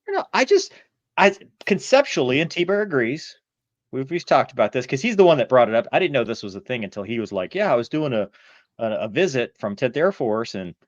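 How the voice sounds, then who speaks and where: A man's voice: medium pitch, lively intonation, brisk, no room sound, dull audio. A middle-aged man co-hosting a podcast, telling a flying story and acting out the radio calls. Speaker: podcast co-host, former fighter pilot. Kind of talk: casual storytelling chat.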